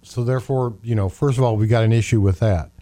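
Mellow-voiced man explaining scripture. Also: on the low side, quick pace, dry recording. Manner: animated storytelling, acting out quotes. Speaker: co-host. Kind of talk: Bible teaching conversation.

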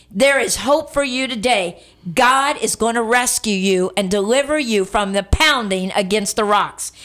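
Middle-aged woman radio preacher, slightly high voice, emphatic storytelling sermon with call-and-response. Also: fairly bright tone. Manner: storytelling, emphatic, repeats lines for effect; calls on listeners to respond.

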